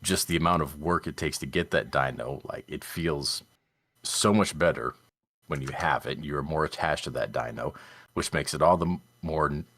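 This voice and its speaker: A man's voice: rumbling low, moderate pace, fairly bright tone. A man co-hosting a casual gaming podcast, talking in emphatic rants and laughing often. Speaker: co-host.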